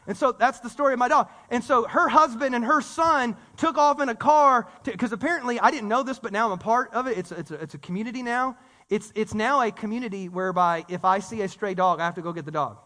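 A man preaching a casual, animated sermon, full of story and slang, with frequent repeated words. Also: very high voice, fast talker. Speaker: pastor. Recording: long reverb of a church hall.

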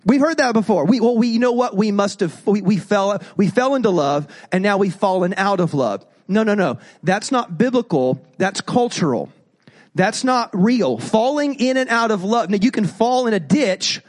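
High-voiced male pastor preaching. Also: normal speed. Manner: animated, acts out quoted voices. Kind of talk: sermon.

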